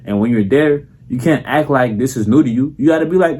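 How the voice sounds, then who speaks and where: A man's voice: mid-range voice, brisk, a little mellow, husky. A young man with a Florida accent, talking casually and profanely to camera as a content creator, full of slang and filler tags. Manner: slangy and profane, repeats "you feel me".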